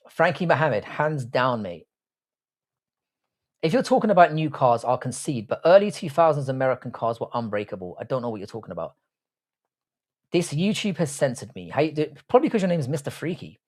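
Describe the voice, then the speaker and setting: A young man hosts a casual live stream, his voice swinging lively up and down as he talks. He teases his viewers with crude, swear-heavy banter. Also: mid-range voice, brisk, long pauses. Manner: crude, teasing, swears freely. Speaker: livestream host reading chat.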